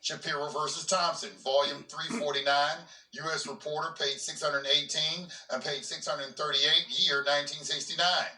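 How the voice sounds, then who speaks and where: Sharp-voiced man reading law with asides. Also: fairly high pitch, level tone, normal speed, few pauses, distant mic. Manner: breaks off reading for plainspoken asides, repeats words when he restarts. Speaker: host of a legal commentary channel. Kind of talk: reading a legal document aloud with casual commentary. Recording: roomy echo, voice from away from the mic.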